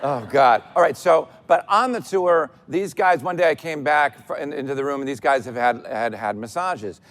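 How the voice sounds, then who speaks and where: A man co-hosting a live comedy podcast on stage, telling chatty, animated stories and laughing along at his own jokes. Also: fairly high pitch, moderate pace. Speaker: podcast co-host. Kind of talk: comic storytelling on a live stage show.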